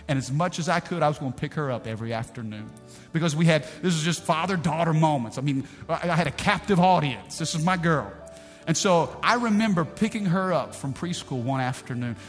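A middle-aged pastor preaching a live sermon, telling stories in a folksy, animated way with rhetorical questions. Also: male voice, on the high side. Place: church sanctuary. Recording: reverberant hall, faint music.

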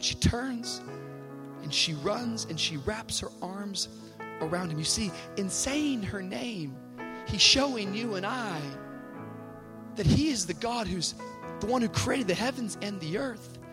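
A man preaches a sermon in a strikingly high voice, shifting from easy, joking asides to loud, climbing declarations. He is heard live in a large hall with a long echo trailing his words. Faint music plays behind him. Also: expressive, a little slow. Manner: builds from conversational to shouted, with jokes and laughs.

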